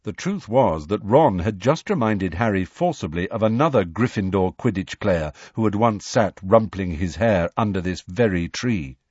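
A man narrating an audiobook in a measured, expressive storytelling manner. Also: lowish voice, breathy edge, no echo, highs cut off. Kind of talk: scripted narration.

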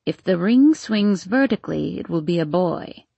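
A woman narrator puts on a croaking old crone who reads fortunes, low and gravelly with a husky, breathy edge. She speaks slowly and grimly, like a storybook witch. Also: animated, warm tone, no room sound, highs cut off, exaggerated voice. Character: grim old female fortune-teller, croaking.

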